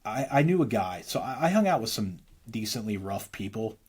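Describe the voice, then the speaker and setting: Male guest, 30s, low husky voice; earnest, rambling storyteller. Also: very animated, brisk, darkish tone. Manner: rambling, earnest, many restarts and fillers. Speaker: interview guest, musician. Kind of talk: candid storytelling interview.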